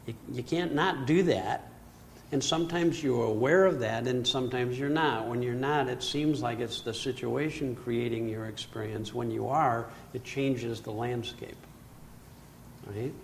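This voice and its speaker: Older guy, gravelly voice, animated storytelling, faint hiss behind. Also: mid-range voice, unhurried. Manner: animated storytelling that acts out its own panic. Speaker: speaker telling a personal story. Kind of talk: storytelling talk.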